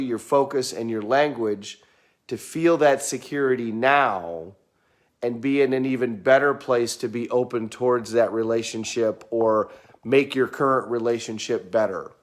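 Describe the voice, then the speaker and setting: Man, mid-pitched voice, earnest self-help coach, repeats phrases for emphasis. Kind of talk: motivational talk to viewers.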